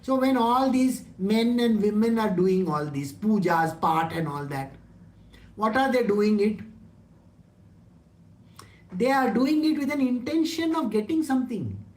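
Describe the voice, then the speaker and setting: A teacher leads a satsang discourse at a mid pitch. The talk is casual and full of rhetorical questions. The room adds a noticeable echo. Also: unhurried. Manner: conversational, asks rhetorical questions, jokes. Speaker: spiritual teacher. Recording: roomy echo.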